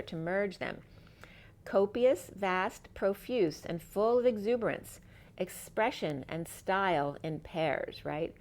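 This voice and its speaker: A middle-aged woman with a slightly low voice talks through a spiritual tarot reading. She drifts from card to card and picks words apart in free-associating wordplay. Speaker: tarot reader.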